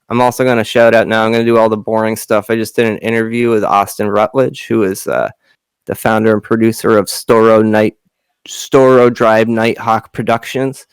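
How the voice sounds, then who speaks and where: A man's voice: lowish voice, fairly even intonation, moderate pace, clear, resonant tone, dry recording. A man with a Western Massachusetts accent co-hosting a comedy podcast, rambling through jokey asides in casual chat on a close mic. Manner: joking, rambling, wry asides. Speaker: podcast co-host.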